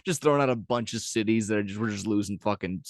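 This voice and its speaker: A man's voice: lowish voice, fast talker, no room sound, clean studio sound. A man co-hosting a sports podcast, ranting profanely in casual chat and laughing at his own jokes. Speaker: podcast co-host.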